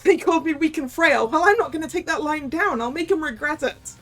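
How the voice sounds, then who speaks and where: A woman's voice: high-pitched, lively intonation, fairly quick, fairly bright tone, soft background music, pitched above the performer's own voice. A woman voicing a small, pretty schoolboy with a fiercely competitive streak. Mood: defiant.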